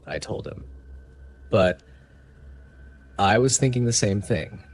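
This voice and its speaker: A man giving grave, measured first-person narration of a horror story. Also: low voice.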